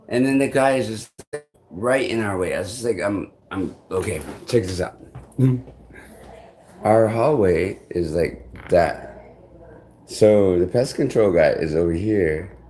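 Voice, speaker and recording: A man with a fairly low voice tells a story straight to the camera. His delivery is rambling and full of cursing, with a frustrated edge throughout. It sounds like casual vlog talk. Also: darkish tone. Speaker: vlogger.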